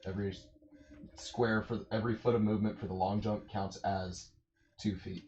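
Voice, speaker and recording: A man's voice: on the low side, fairly even intonation, brisk, darkish tone, slight background noise. A man playing a tabletop game, jokey and swearing. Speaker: player. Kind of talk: casual tabletop play. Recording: echoey room on a muffled mic.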